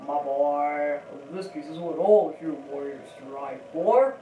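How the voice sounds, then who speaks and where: A woman doing an impression of a solemn old male warrior chief from a game, speaking slowly and gravely. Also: deep voice, warm tone, lo-fi sound, voice pushed down. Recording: roomy, distant mic, faint background noise.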